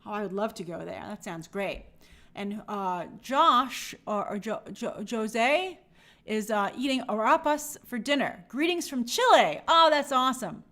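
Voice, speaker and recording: A woman's voice: on the high side, lively intonation, measured pace, sharp tone. A woman hosting a live stream, chatting casually and greeting viewers by name in an upbeat, friendly way.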